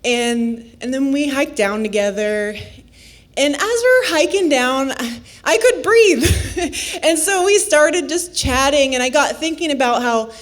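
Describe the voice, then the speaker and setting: A woman from Nebraska telling a personal story on stage, unhurried and playful, often laughing. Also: high voice, animated. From Nebraska, USA.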